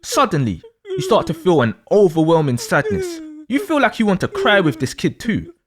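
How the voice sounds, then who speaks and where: Guy narrating a story to "you", high voice, super swoopy and dramatic. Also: huge pitch swings, moderate pace, a crowd in the background. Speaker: astrology storyteller. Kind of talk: second-person storytelling narration.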